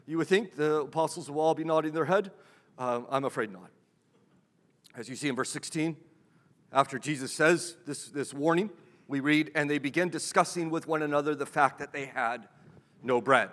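Bright-voiced preacher in a reverberant hall. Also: male voice, fairly high pitch, normal speed. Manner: conversational preaching, rhetorical questions, frequent "right?" asides. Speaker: pastor. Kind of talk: sermon.

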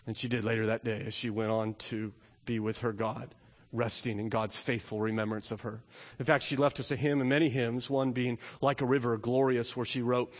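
A male pastor preaching a sermon, moving between emphatic, rising questions and quiet, slow storytelling. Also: mid-range voice, flat delivery, in a large hall.

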